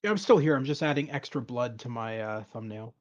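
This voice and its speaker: A man from Canada co-playing a game, joking around and reading game text aloud with lively emphasis. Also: medium pitch, fairly quick, highs cut off.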